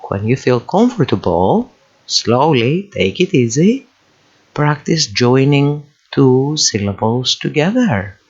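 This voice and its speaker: A man's voice: mid-range voice, husky. A man teaching reading as a language tutor, patiently repeating each word and syllable for the listener to copy. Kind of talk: slow instructional voice-over. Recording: dull lo-fi voice-over.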